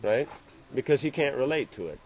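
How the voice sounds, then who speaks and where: A man giving an informal scripture class. He speaks haltingly, restarting phrases and tagging lines with "you know". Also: mid-range voice, animated, crowd noise. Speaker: religious teacher. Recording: dull lo-fi with faint ambient hiss.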